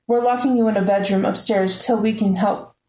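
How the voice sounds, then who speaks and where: A woman voicing a bossy teenage girl who takes charge, speaking brisk and matter-of-fact. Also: mid-range voice, steady tone, darkish tone, reverberant, close to an everyday voice, poor audio. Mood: blunt.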